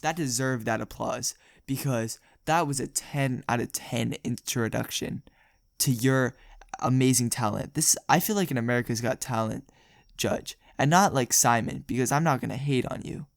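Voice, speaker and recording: A man's voice: medium pitch, moderate pace, creaky, no room sound, studio quality. A young man telling a rambling, jokey story for a vlog, laughing often. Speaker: storytime vlogger. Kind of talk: casual storytelling.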